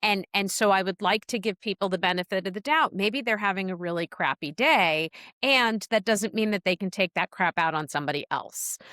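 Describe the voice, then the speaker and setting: A woman's voice: medium pitch, a little fast, bright, forceful tone, no echo, studio quality. A middle-aged woman hosting a podcast, candid and self-deprecating, asking her guest open questions. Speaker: podcast host and life coach. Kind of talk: podcast interview conversation.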